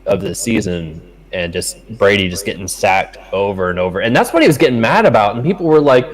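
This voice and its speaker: Co-hosting a relaxed sports betting chat, this young man has a lowish voice and a brisk delivery. His storytelling is profane and animated, and the recording is rough.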